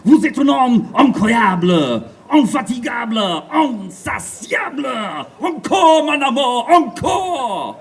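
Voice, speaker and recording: Male performer voicing an over-excited lady, high and theatrical. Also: slow, hardly any pauses, exaggerated voice. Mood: ecstatic. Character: breathless swooning French lady, over-excited.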